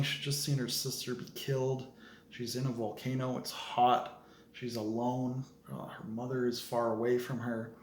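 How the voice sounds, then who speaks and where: A man's voice: medium pitch, reverberant, slight background noise. A man talking casually through a story he has written, rambling with many fillers. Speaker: fiction writer. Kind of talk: casual vlog explanation of a story.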